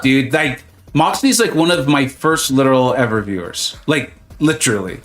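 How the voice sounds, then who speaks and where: A man's voice: medium pitch, lively intonation, normal speed, fairly bright tone, faint music behind. A man chatting casually and joking with viewers while streaming a game, greeting them by name. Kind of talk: casual live-stream chat.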